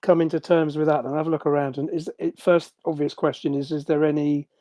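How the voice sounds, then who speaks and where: Player, mid pitch, questioning, restarting, dry close sound. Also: level tone, fairly quick, warm tone, no echo. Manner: restarting, questioning, defiant in character. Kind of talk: playing a tabletop game over voice chat.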